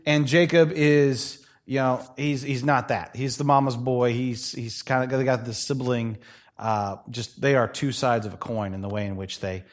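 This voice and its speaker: A male pastor preaching a sermon in a conversational, animated way, telling stories with playful asides. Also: a little high.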